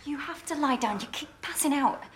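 A woman's voice: sits high, fairly quick, faint music behind, lightly acted. A woman playing an earnest young companion in a TV drama, pleading patiently with someone in her care. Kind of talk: TV drama acting.

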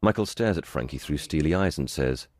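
A man reading an audio description in an even, neutral, scripted way. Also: rumbling low, brisk.

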